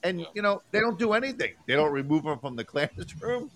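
A man's voice: fairly high pitch, big pitch swings, brisk, over music. A man hosting a casual podcast chat, emphatic and agreeable, swearing freely.

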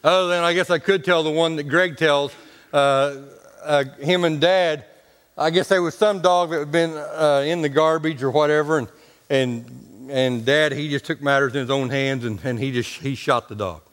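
A male preacher tells stories from the pulpit in a folksy, joking way, his grammar loose and casual. His voice sits fairly high for a man. It rings out with the long reverb of a large church sanctuary. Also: steady tone, normal speed, a bit bright. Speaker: pastor. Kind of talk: storytelling sermon.

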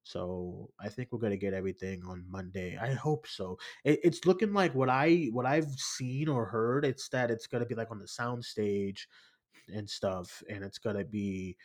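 A man co-hosting a podcast in casual pop-culture chat, animated and swearing, often laughing as he retells scenes. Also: fairly low pitch, normal speed. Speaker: podcast co-host.

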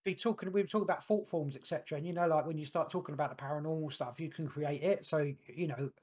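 A man co-hosting a podcast in casual chat, throwing in quick teasing remarks. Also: a little high, darkish tone, husky. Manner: quick teasing interjections, stammers on restarts. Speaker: podcast co-host.

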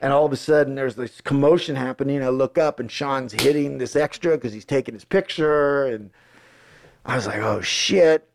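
A middle-aged American man, an actor, telling stories in casual chat, animated and profane, acting out the voices of the people in them. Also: medium pitch, normal speed, vocal fry, noisy background. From United States. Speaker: actor guest. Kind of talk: casual storytelling.

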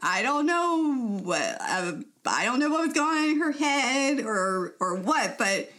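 Young woman podcast host, kinda high voice, chatty and giggly. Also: big pitch swings, measured pace, bright, forceful tone. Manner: chatty, laughs often, many fillers. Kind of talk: casual chat, storytelling.

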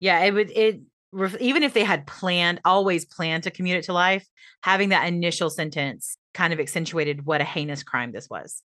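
Lower-voiced woman co-host, dry sound. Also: moderate pace, a bit bright, no room sound. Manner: rambling explainer, frequent restarts and hedges. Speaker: podcast co-host. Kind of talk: casual chat, explaining a story.

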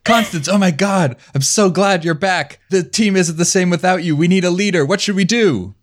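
Eager gushing teammate, voiced by a man, bright and high. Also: normal speed.

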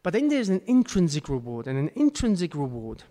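In a large church hall with a long reverb tail, a male pastor gives an earnest sermon punctuated by sudden emphatic bursts. His voice is somewhat high for a man and warm in tone, moving briskly with huge swings in pitch.

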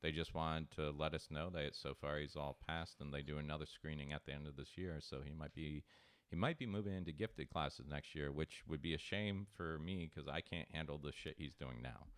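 A man in his thirties with a very low, deep voice co-hosts a casual podcast. He tells joking stories, swears freely and laughs along. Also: fairly quick, a bit bright, clear, resonant tone, no room sound. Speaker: podcast co-host. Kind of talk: casual chat.

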